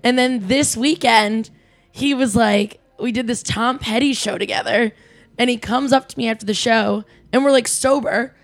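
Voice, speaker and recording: A woman's voice: a little high, normal speed. A woman in her twenties, a musician, talking in laid-back casual chat and trailing off often. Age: 20s. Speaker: musician and podcast guest.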